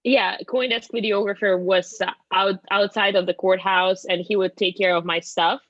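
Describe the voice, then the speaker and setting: A woman's voice: medium pitch, fairly even intonation, moderate pace, dry recording, dull audio. A woman with a Russian accent, a native Russian speaker, telling a story in a chatty way with laughs. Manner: chatty, laughing, frequent fillers. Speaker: guest reporter. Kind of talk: casual interview storytelling.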